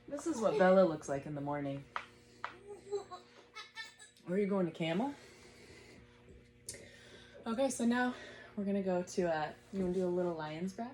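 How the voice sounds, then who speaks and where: A woman in her thirties teaching a gentle yoga class at home, guiding breaths patiently and encouragingly. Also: lowish voice.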